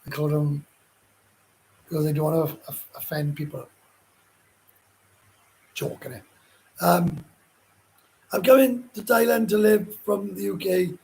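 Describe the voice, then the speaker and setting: A gruff Welsh man hosting a livestream, his fairly high voice rough and gravelly. He rambles bluntly through viewer comments in casual chat, swearing often and restarting sentences. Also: fairly even intonation, a little slow, pauses often, darkish tone, low-quality recording. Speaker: livestream host.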